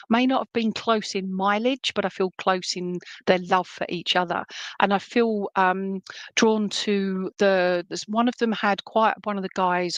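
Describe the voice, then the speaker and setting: A woman's voice: mid-range voice, no room sound. A woman giving a live clairvoyant reading as a spiritualist medium, chatty and rambling, often checking in with the listener.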